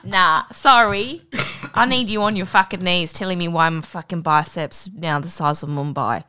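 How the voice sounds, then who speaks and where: A woman's voice: on the low side, normal speed, pushed and bright, clean tone. A woman co-hosting a casual chat, full of crude comic banter and swearing.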